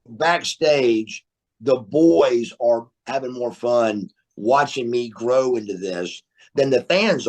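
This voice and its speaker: A man guesting on a podcast, telling stories in an animated way, repeating words and laughing as he goes. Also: mid-range voice. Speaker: guest, former wrestler. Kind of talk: storytelling interview. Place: remote interview, podcast.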